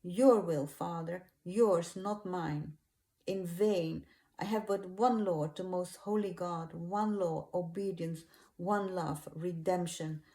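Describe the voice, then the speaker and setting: Woman doing a tormented man in prayer, higher and louder than her own voice, pleading, mellow tone. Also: takes it slowly, echoey room. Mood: resolute. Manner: pleading, sobbing-edged outbursts. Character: anguished grown man praying in agony.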